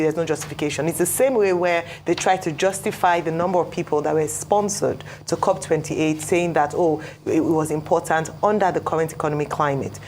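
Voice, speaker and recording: Emphatic Nigerian woman analyst, low voice. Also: darkish tone, a little hiss or hum. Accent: Nigerian English. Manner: measured, emphatic, with frequent "um" restarts. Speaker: news show panelist. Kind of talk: studio news analysis.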